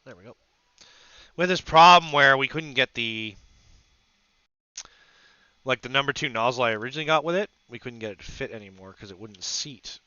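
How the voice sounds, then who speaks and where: A man's voice: medium pitch, moderate pace, long pauses, bright, forceful tone, smooth, no echo, dull audio. A man hosting a casual maker livestream, rambling to his viewers and to himself as he sets up a 3D print. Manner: rambling, talks to the audience and to himself. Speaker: maker channel host.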